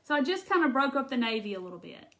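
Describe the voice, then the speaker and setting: A woman's voice: sits high, sing-song, fast, a bit bright. A woman with a Southern accent, hosting a casual live crafting chat, talking her way through each step and laughing often. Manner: chatty, folksy, laughs often, thinks aloud. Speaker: craft livestream host.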